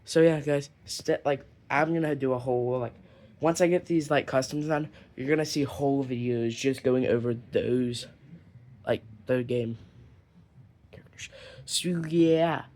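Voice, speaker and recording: A man's voice: medium pitch, unhurried, a little mellow. Rambling man from Ireland, casual. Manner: rambling, filler-heavy, drops into near-whispers at times. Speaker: toy collector vlogger. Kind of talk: casual collection show-and-tell.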